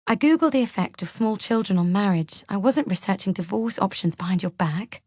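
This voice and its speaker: A woman's voice: medium pitch, moderate pace, few pauses, a little mellow, no echo, clean studio sound. Woman reading a thriller. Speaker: audiobook narrator. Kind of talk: first-person novel reading.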